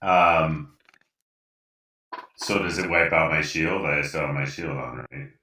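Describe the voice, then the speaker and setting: Man, player, deep voice, wry, roomy echo, distant from the mic. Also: fairly even intonation, slow pace, sharp tone. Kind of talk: casual tabletop play.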